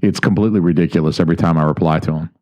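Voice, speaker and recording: A man with a fairly low voice co-hosts a casual podcast. He riffs with crude humor and slips into mock-preachy bits. His delivery stays loose and conversational. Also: rapid-fire, mellow, muffled recording. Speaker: podcast co-host.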